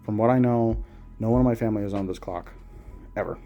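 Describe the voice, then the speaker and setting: A man investigating a house for ghosts, talking calmly and slowly as he coaxes spirits to answer. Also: fairly low pitch, faint music behind. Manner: calm, slow, coaxing when talking to spirits. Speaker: paranormal investigator. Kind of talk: live ghost-hunt talk. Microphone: headset.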